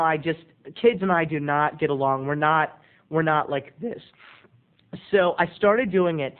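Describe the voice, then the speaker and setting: A man telling a funny personal story in an animated, self-mocking way with quick asides, heard through a tinny phone-like sound. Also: fairly high pitch. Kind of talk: comic storytelling.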